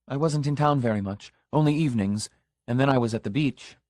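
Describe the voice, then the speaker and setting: A man voicing a reserved American woman abroad, speaking with a quiet, restrained lift in pitch. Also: brisk, no echo, studio quality, close to an everyday voice. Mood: wistful.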